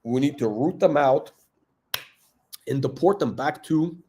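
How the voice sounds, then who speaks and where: A man's voice: medium pitch, measured pace, mellow, a little hiss or hum. A man hosting a watch channel, ranting in a mocking, rambling way with lots of fillers. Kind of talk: mocking commentary rant.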